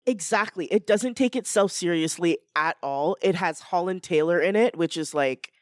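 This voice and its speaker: A woman's voice: fairly low pitch, moderate pace, dry recording, clean studio sound. A woman co-hosting a live podcast panel, bubbly and teasing, laughing often. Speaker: podcast co-host.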